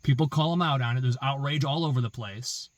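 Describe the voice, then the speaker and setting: A man's voice: medium pitch, brisk, no room sound. A man hosting a political commentary show, arguing an opinion with emphatic repetition and rhetorical questions. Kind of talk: opinion monologue.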